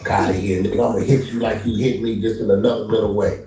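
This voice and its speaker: A man rants in a taunting, slang-heavy way, now and then mimicking the people he mocks. His voice is low and mellow, picked up from some distance in a roomy space. Faint music plays behind him. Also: fairly even intonation, quick pace. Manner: taunting, acts out others' lines in mock voices. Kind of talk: confrontational street-slang rant.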